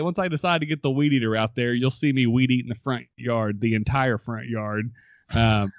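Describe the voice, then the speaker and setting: A young man hosts a relaxed talk show and spins a story out loud. He acts out the people he quotes and laughs along the way. His voice sits dry and close to the mic. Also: mid-range voice, no echo. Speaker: podcast host. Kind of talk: casual chat, storytelling.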